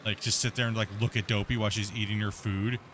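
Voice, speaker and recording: He's hosting a live stream and rambling through a long story in casual voice chat, animated and constantly restarting and filling pauses. His voice is on the low side and quick-paced, with slight background noise.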